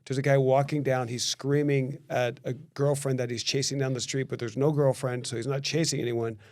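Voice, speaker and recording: A man telling a story on a podcast in casual chat. He acts out the quoted lines and often restarts his phrases. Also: medium pitch. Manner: animated storyteller who acts out quoted dialogue; quick, repetitive restarts.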